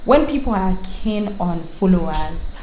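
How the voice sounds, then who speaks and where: A young woman, a guest influencer telling an animated story in casual conversation. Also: lowish voice, unhurried, a little hiss or hum. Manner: animated, acts out quoted voices. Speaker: guest, influencer and former radio voice-over artist. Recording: echoey room with faint ambience.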